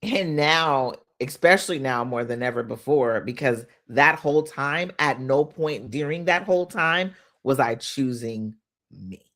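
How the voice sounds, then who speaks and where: Animated woman coaching her live viewers. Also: a bass voice, unhurried. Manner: animated, talks straight to viewers, reads out comments; emphatic, swings between loud bursts and quiet asides. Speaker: business and mindset coach. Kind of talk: casual motivational live stream.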